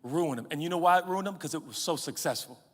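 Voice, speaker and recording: A man in his forties, a pastor, preaching a sermon in an animated, humorous, conversational way, out of breath and sweating. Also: on the high side, quick pace. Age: 40s. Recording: reverberant large hall.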